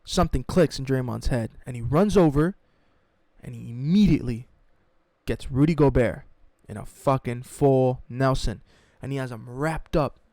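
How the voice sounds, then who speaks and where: A man telling a sports story in a mocking, animated, profane way, as a sports YouTuber. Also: mid-range voice, moderate pace, no echo, clean studio sound.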